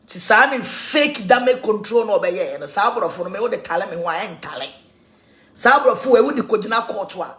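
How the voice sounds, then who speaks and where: A woman with a Ghanaian accent in an animated, mocking rant, laughing mid-sentence and switching between languages. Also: mid-range voice, brisk.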